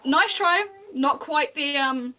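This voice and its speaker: Woman doing a courteous male watchman, jovial on the surface, secretly terrified, formal address, high and bright voice, tabletop game. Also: takes it slowly, heavily acted. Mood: polite.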